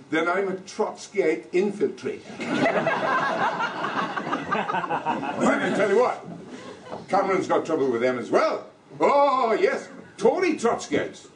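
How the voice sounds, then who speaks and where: An older man giving a comic political speech with no microphone, mocking and punchy, playing for laughs before an audience. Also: high voice. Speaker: political speaker. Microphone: no microphone, recorded from far off. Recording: echoey hall from far off, noisy.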